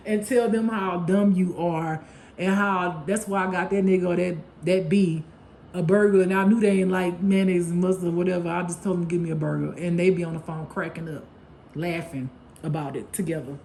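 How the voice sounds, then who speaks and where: A mellow, warm voice delivers a casual spiritual tarot reading with plenty of bluntness and swearing. The reader laughs easily and slips in quick acted-out snippets of other people's talk. A faint hum of noise sits behind the voice. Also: mid-range voice, fairly even intonation, gravelly. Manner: blunt, profane and laughing, acting out gossip.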